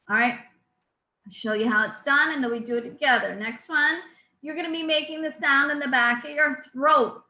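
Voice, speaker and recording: Bright, slow-spoken woman leading voice drills. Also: high voice. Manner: calm, instructive, counts out drills. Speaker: speech-language pathologist leading voice exercises. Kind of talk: guided exercise class. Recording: echoey room.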